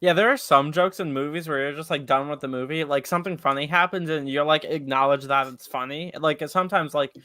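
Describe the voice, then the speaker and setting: Young man, smooth crisp voice, dry sound, hesitant casual talk. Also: fairly high pitch, a little fast, hardly any pauses, bright, forceful tone, no room sound. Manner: hesitant, filler-heavy. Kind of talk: casual chat.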